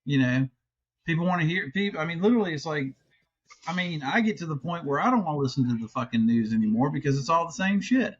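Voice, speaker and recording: This is a middle-aged man chatting as a podcast co-host, his voice sitting a touch high for a man. He rambles, restarts his sentences and swears without a second thought. The sound is dull and lo-fi, as if through a cheap mic. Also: animated, quick pace, breathy edge. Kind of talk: casual chat.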